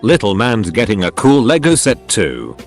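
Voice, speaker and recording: A man's voice: on the low side, wildly swooping pitch, normal speed, faint music behind. A man narrating a series of short anecdotes as scripted narration.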